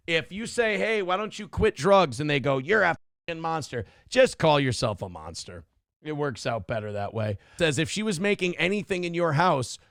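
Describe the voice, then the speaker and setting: A man's voice: fairly high pitch, fairly bright tone, dry recording, clean studio sound. A man streaming live, reading paid chat messages aloud and answering them in a sarcastic, defensive rant. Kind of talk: casual live-stream commentary.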